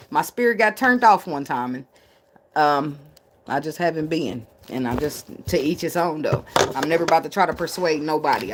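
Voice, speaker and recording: A woman's voice: sits low, very noisy. A woman giving a casual livestream tarot reading, blunt and profane, often breaking into laughs. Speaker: tarot reader.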